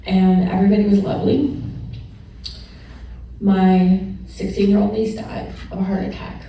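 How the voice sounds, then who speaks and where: A woman's voice: medium pitch, level tone, measured pace, vocal fry, mellow, slight background noise. A middle-aged woman telling candid personal stories to an audience at a celebration, laughing often and sometimes emotional. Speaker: honored alumna speaking at a celebration. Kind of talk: personal storytelling remarks to an audience. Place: large echoey event room with an audience. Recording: distant, echoey room sound.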